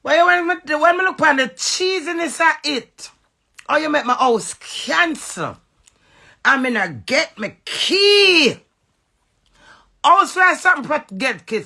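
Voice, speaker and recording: Jamaican lady going off on her husband, cussing, raspy fry and a bright sharp edge. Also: high voice. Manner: heated, profane, confrontational. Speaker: social media personality. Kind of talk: angry rant to camera.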